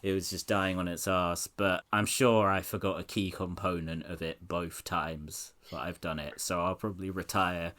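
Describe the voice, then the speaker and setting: Low voiced podcast host dude, dry sarcastic chat. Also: male voice, little pitch movement, moderate pace, hardly any pauses, fairly bright tone. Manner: dry, self-mocking sarcasm.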